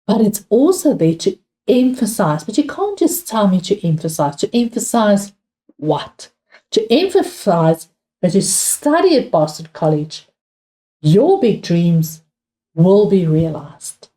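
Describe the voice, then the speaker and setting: Patient, mellow-voiced woman teacher, South African. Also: medium pitch, big pitch swings, unhurried. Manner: patient, repeats key points, asks students questions. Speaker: English teacher. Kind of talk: exam revision lesson.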